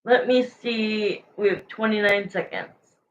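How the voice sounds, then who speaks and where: A woman's voice: medium pitch, takes it slowly, lo-fi sound. A woman doing a casual tarot reading, rambling and filling her talk with "like" and "you know". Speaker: tarot reader.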